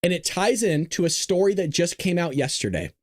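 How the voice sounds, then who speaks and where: Male host, animated, lively pitch, dry close webcam sound, casual commentary. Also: a little fast, dry recording. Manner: animated, laughs often, repeats himself. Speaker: show host.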